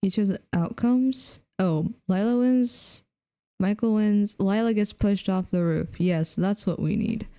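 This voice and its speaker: A woman's voice: medium pitch, a little slow, dark tone. A woman streaming a game, chatting playfully with viewers and laughing often. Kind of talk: casual game commentary.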